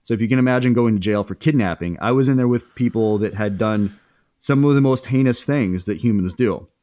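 A man's voice: mid-range voice, a little fast, mellow, no room sound. A man in his thirties as a podcast guest, candidly telling a story in casual speech, swearing freely with many fillers and restarts.

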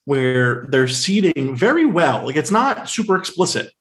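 A man co-hosting a podcast in casual film talk, sarcastic and animated, with many fillers. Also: fairly high pitch, moderate pace. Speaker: podcast co-host.

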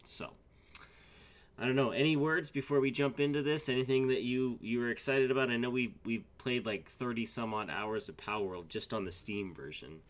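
A man co-hosting a podcast in a casual chat, a bit hoarse as he gets over a sickness, rambling with fillers. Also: mid-range voice, normal speed. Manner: rambling, with many fillers and restarts. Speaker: podcast co-host.

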